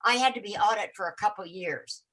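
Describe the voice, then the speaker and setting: An older woman telling her own recovery story on a live talk show, acting out what people said and sometimes crying out loudly. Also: medium pitch, brisk. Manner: acts out her own cries and other people's voices, getting loud and shouty.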